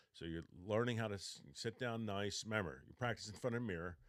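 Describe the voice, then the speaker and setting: A man's voice: on the low side, fast, few pauses, no room sound, studio quality. A man in his fifties giving casual, rambling job interview advice on a podcast, often correcting himself mid-sentence. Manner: rambling, self-correcting, acts out both sides of a mock interview. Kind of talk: casual advice talk with role-played practice.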